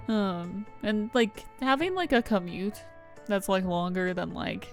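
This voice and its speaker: A woman's voice: mid-range voice, animated, a little slow, faint music behind. A young adult woman streamer giving casual gameplay commentary, rambling and chatty with lots of "like" fillers. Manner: rambling, chatty, heavy use of "like".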